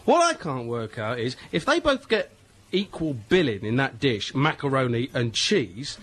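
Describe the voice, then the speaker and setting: A man doing sketch comedy, telling deadpan stories and ranting pedantically. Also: mid-range voice, normal speed, breathy edge.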